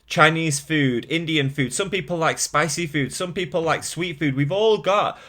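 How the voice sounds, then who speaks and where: A man's voice: on the high side, normal speed, fairly bright tone. A man with a mild Mancunian accent, a fitness YouTuber ranting candidly to camera, exasperated and swearing casually, laughing at himself. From Manchester, England.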